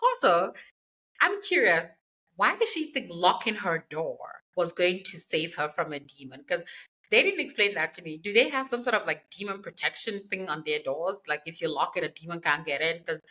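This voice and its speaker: A woman's voice: on the low side, sharp tone, poor audio. A woman hosting a podcast, retelling a book's plot in a chatty, slangy way with asides. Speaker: podcast host. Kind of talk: casual book recap.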